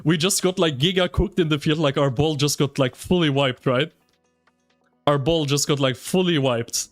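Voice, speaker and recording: A man streaming live, chatting with his viewers in an excitable, slangy, ranting way. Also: a little high, normal speed, soft background music. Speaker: game streamer. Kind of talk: casual live-stream commentary.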